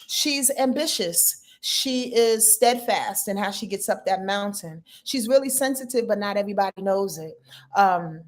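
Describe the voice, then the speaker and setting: A woman in her fifties, sleepy and talking from her bed, runs a loose astrology livestream. She chats with viewers in slangy, easygoing speech at a middling pitch. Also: animated, a little slow. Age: 50s. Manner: chatty, slangy, addresses viewers directly. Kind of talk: casual livestream reading. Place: lying in her bed at home.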